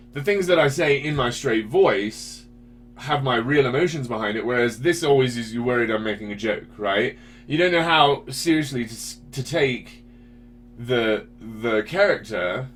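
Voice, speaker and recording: A man, a parent, talking casually as host of his own commentary stream, animated and often restarting his sentences. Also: mid-range voice, slight background noise. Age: adult parent. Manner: animated, self-interrupting, frequent restarts.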